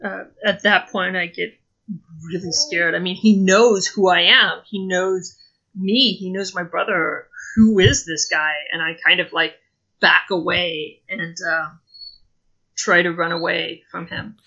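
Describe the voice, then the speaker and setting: A woman's voice: on the low side, steady tone, measured pace, sharp tone, lo-fi sound. A woman playing a tabletop game, describing her character's actions casually in first person with lots of fillers. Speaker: player.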